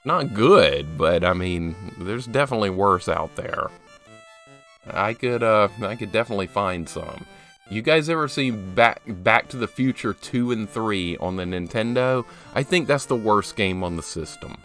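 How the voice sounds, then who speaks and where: A man's voice: fairly low pitch, lively intonation, a little slow, a bit bright, faint music behind. A man streaming a video game live, chatting casually, greeting viewers by name and poking fun at himself. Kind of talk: casual live gameplay commentary.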